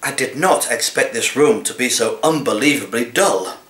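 A man's voice: lively intonation, normal speed, fairly bright tone, roomy sound. Theatrical man reading comic poems. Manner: theatrical, swings from low murmurs to plaintive high pleas. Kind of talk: expressive poetry reading in a cat's voice.

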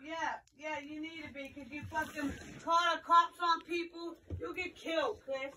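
A woman's voice: high-pitched, fairly even intonation, normal speed, bright, forceful tone, recorded from a distance, a little hiss or hum, rough recording. A woman arguing in an angry, profane, threatening way. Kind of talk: heated argument.

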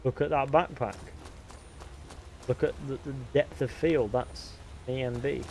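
A man's voice: mid-range voice, fairly even intonation, a little slow, a little hiss or hum. Guy chatting through a live stream. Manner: chatty, swears freely, answers chat out loud. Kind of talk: casual gaming stream chat.

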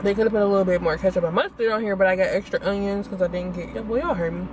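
A woman's voice: medium pitch, fast talker, noisy background. A young woman, chatting casually to viewers as she reviews food in a car on her phone. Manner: chatty, animated, talks to viewers as y'all. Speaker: vlogger.

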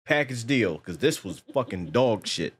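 A man's voice: medium pitch, big pitch swings, moderate pace, slightly rough. A man co-hosting a casual movie reaction, ranting bluntly with heavy swearing.

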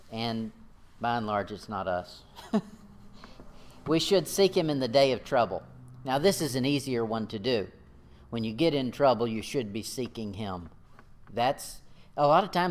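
A man preaching a sermon in a folksy way, reading scripture aloud and chuckling at his own remarks. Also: medium pitch. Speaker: pastor.

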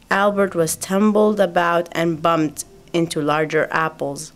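Brief: female storyteller, lowish voice, very slow and calm reading. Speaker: reader. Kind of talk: storybook narration.

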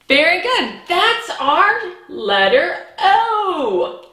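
Slow, high, bright-voiced woman teacher. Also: sing-song. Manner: slow, patient, encouraging, stretches out sounds. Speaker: preschool teacher. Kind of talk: early learning lesson for young children. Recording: echoey room.

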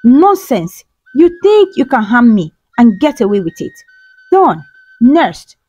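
A woman's voice: fairly high pitch, very animated, slow, dark tone, husky, dry recording, highs cut off, faint music behind, full character voice. A woman voicing a bitter, vengeful young female ghost in a storybook tale, speaking in a cold, mocking manner.

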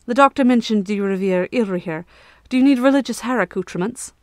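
A woman's voice: on the high side, fairly quick, dry recording, studio quality, close to an everyday voice. A woman voicing a kind, practical woman in her mid-forties who speaks politely and formally, in a read-aloud story. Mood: kindly.

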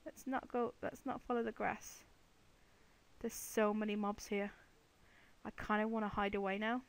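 A woman's voice: medium pitch, fairly even intonation, moderate pace. A woman giving casual, chatty commentary while playing a video game, playfully talking to the animals and monsters on screen. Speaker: let's play gamer.

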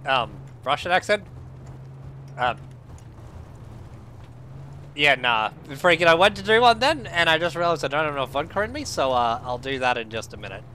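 A man's voice: fairly high pitch, big pitch swings, normal speed, long pauses, pushed and bright, a little hiss or hum. Joking Australian streamer man. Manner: swearing, joking, chatting with viewers. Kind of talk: casual gameplay commentary.

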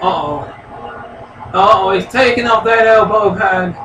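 A man giving live reaction commentary while watching a wrestling event, excitable, shouting and cursing at the screen. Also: sits high, unhurried. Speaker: wrestling fan reviewing an event. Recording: roomy, distant mic with loud broadcast crowd noise.

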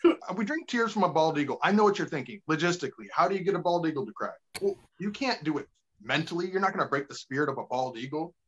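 A man's voice: a little high, animated, quick pace, a bit bright, slightly rough. A man doing a stand-up set in a small bar, laughing at his own jokes and acting out voices. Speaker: stand-up comedian. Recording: dull lo-fi club recording.

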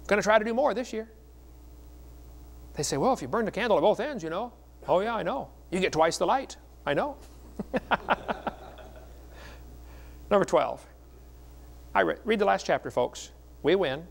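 Folksy preaching man, a bit high. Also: moderate pace, creaky, pauses often. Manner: folksy, joking, animated storytelling. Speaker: evangelist speaker. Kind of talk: seminar preaching with storytelling.

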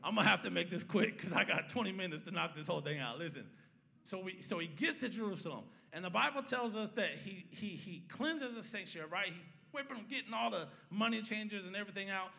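He talks fast in a high-pitched, animated voice with vocal fry and a bright, forceful tone, and a long reverb tail follows him around the church sanctuary. This man pastor preaches conversationally, constantly checking in with the congregation by asking "right?" He opens with a prayer, then teaches the Bible passage.

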